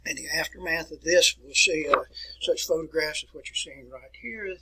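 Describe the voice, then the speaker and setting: A man's voice: a little high, moderate pace, bright, forceful tone, slightly rough, poor audio. A middle-aged man teaching a recorded history lecture, folksy and digressive, talking to his students as folks.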